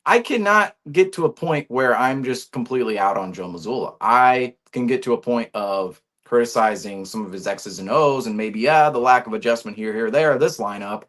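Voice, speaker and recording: A male sports talk host riffing on the week's news in a loose, heated rant. He keeps circling back with quick "right?" checks and restarts his sentences as he talks. His voice sits at an ordinary middle pitch for a man. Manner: animated, ranting, many restarts and rhetorical "right?". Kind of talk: casual sports opinion talk.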